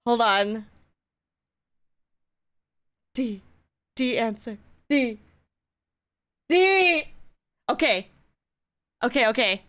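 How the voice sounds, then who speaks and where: A woman streaming and chatting, giddy, laughing a lot and swearing as she talks in excited bursts. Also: fairly high pitch, very slow, long pauses. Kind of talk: excited casual stream chat.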